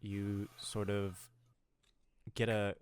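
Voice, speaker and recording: A man narrating a tabletop game as game master, in a low, slow, ominous tone with some hesitations. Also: monotone, very noisy.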